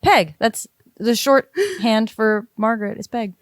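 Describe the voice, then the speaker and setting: A woman's voice: fairly high pitch, very animated, unhurried, dry recording, clean studio sound. Playful woman podcast co-host. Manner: playful and silly. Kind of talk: casual chat.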